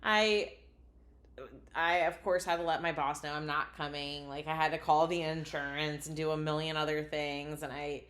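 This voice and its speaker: A woman's voice: deep voice, steady tone, moderate pace, a bit bright. A woman co-hosting a casual podcast chat, animatedly telling a story and laughing at herself. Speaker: podcast co-host.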